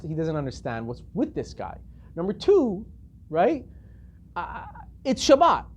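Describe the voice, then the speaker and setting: A male rabbi giving a storytelling lecture, animated and acting out the characters as he goes. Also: sits high.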